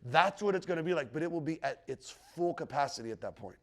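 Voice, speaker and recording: Fast-talking and animated, a man with a fairly high voice leads end-times Bible teaching for a live audience in a teaching room. He chats conversationally, checks in with the room, and his scripture quotations swell in emphasis.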